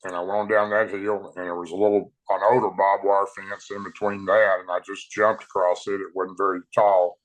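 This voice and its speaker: A man recounting his own encounter in a plain, unhurried, folksy way. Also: low voice, level tone, poor audio. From Tennessee, USA. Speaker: eyewitness storyteller. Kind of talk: personal account told aloud.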